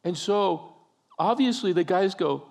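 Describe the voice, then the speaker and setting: A man's voice: sits high, lively intonation, measured pace, creaky, darkish tone. A male pastor preaching a sermon, telling a story with humorous asides and acting out the scenes.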